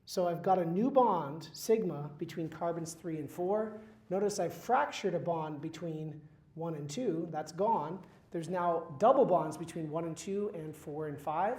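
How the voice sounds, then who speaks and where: A man's voice: on the high side, measured pace, a little mellow. Man lecturing in a roomy hall. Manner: quizzes the class, wry asides. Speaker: chemistry lecturer. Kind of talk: university lecture.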